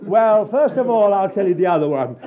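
Animated preacher, high lively voice. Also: male voice, a little fast, over a noisy crowd, heavy background noise. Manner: storytelling with a chuckle, animated. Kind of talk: sermon. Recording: dull lo-fi sound.

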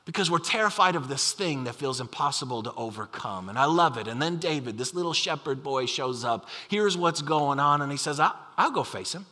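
A man's voice: on the high side, lively intonation, fairly quick, few pauses, sharp tone. A man preaching a sermon as pastor, telling the story with emphatic energy. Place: church sanctuary. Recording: long hall reverb.

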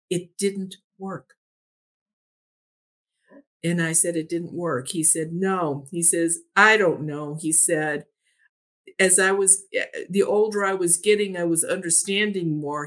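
A woman in relaxed conversation, walking a listener through a story as a medium recounting a case. She speaks slowly and deliberately, in a middle-pitched voice. She relays every exchange with a steady "I said, he said.". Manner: retells dialogue with repeated "I said, he said".

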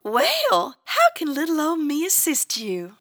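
Casting: actress voicing a prim, nosy Southern hotel clerk with a sugary drawl, voice swinging high and low, very dry sound. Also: female voice, huge pitch swings, a little slow, no room sound, full character voice. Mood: genteel, sugary. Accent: American Southern. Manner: prim and nosy, drops to hushed gossip. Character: gossipy genteel Southern hotel clerk woman. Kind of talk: comedic radio play acting.

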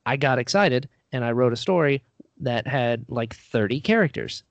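A man sits in as a guest and tells a story with a pitch that swoops up and down, slipping into the voices he quotes and poking fun at himself. The recording is dry and close, with a dull, lo-fi tone. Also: normal speed, no echo. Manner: animated, acts out quoted voices, self-deprecating. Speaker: podcast guest, actor and writer. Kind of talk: casual storytelling interview.

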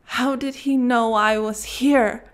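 A woman voicing a frightened, furious young Russian woman who shouts in clipped, broken English. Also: fairly high pitch, fairly even intonation, slow pace, pitched above the performer's own voice. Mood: shaken.

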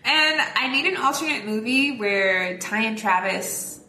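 A woman co-hosting a podcast, recapping a film in casual chat, quoting characters in quick voices and laughing often. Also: on the high side, lively intonation, bright, forceful tone, reverberant, a little hiss or hum. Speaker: podcast co-host.

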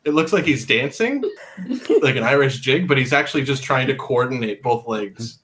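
A man's voice: medium pitch, lively intonation, normal speed, a bit bright, a little hiss or hum. A man playing a skeleton in a tabletop game, goofy, with dry asides. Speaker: player.

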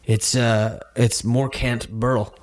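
A man's voice: mid-range voice, flat delivery, slow pace, close to an everyday voice. A man voicing a dazed talking severed head. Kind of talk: tabletop role-play voice.

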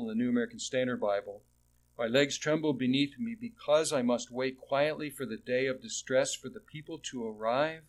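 Male preacher, middle-pitched, earnest sermon delivery with big swings in loudness. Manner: earnest, repeats words, swings from loud to hushed.

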